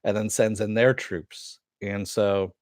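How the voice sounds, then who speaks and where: A man's voice: fairly low pitch, steady tone, slow, darkish tone, no room sound, studio quality. A man casually recapping a TV episode in a rambling, filler-heavy way, sometimes swearing. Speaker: reviewer.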